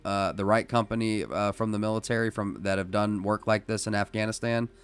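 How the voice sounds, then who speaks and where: A man hosting a casual live-stream podcast, who talks in an emphatic, rambling way with many restarts and works himself up into loud, excited rants. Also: lowish voice, fairly quick, smooth. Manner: rises into loud, excited ranting. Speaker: podcast host.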